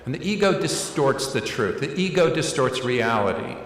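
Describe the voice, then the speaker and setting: Animated man lecturing in an echoey hall. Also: mid-range voice, normal speed. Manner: animated, playful, acts out quoted voices. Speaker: keynote speaker. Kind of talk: keynote lecture. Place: large auditorium.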